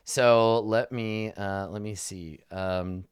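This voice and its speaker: A man's voice: fairly low pitch, steady tone, slow pace, clear, resonant tone, no room sound, studio quality. A man narrating as dungeon master in a rambling way, full of ums and likes, on a stream call from home. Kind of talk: narrating a tabletop game.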